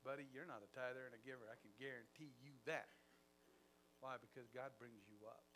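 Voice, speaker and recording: A man preaching a sermon, telling a story with acted-out dialogue and big swings in loudness. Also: medium pitch, fairly even intonation, fairly quick, a little hiss or hum.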